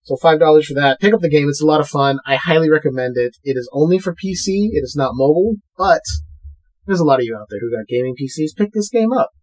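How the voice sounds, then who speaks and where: A man's voice: fairly high pitch, fast, a little mellow. A man hosting a podcast, chatting casually and rattling off plugs and promos. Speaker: podcast host.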